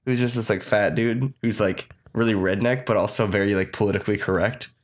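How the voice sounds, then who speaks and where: Young dude talking fast, jokey and sweary, casual podcast vibe. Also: male voice, on the low side, steady tone. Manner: quick, joking, swears a lot. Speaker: podcast co-host. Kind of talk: casual chat.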